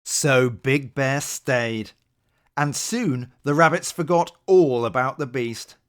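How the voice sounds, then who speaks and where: Slow, gentle male bedtime storyteller. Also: medium pitch. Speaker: storybook narrator. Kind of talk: bedtime storybook read-aloud.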